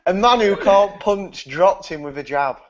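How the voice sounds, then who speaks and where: A man's voice: high-pitched, expressive, measured pace. A man giving curt, dismissive verdicts with swearing in casual podcast chat. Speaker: podcast co-host. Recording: dull lo-fi podcast audio.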